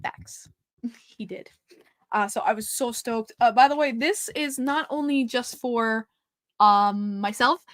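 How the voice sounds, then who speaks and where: A young woman hosting a casual livestream podcast, gushing and excitable, swearing freely as she chats. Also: a little high, measured pace, no echo. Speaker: podcast host.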